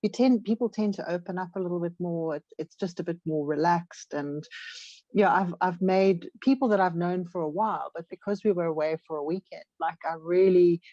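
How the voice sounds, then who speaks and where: Low, mellow woman chatting. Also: normal speed, no room sound, highs cut off. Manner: rambling, full of fillers. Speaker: podcast co-host. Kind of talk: casual chat.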